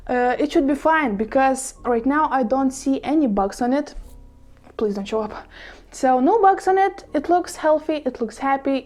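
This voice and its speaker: A woman's voice: high voice, darkish tone. A woman vlogging casually at home, gushing and giggling as she shows off her plants, speaking English as a second language with small slips. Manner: bubbly and gushing, giggles often, apologetic asides. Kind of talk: casual show-and-tell vlog.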